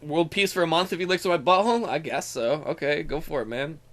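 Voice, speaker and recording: A man's voice: on the high side, brisk, fairly bright tone. A man co-hosting a casual gaming podcast, joking, reading listener questions aloud and swearing in mock anger. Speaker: podcast co-host.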